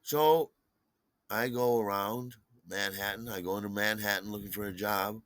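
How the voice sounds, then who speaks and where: A man's voice: fairly low pitch, fairly even intonation, moderate pace, a bit bright, dry recording. An older man telling a personal story in a wry, conversational way. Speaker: podcast host.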